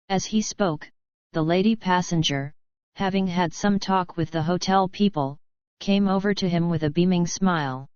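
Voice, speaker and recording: A woman narrating an audiobook in a measured, even reading. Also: on the low side, smooth, dry recording, muffled recording.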